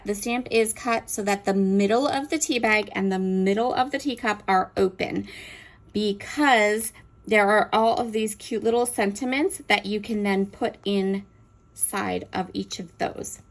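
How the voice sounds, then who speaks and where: A woman hosting a crafting video, chatting enthusiastically as she unboxes and describes stamp sets, pausing now and then to look things over. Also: mid-range voice. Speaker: crafting channel host. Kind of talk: unboxing show-and-tell.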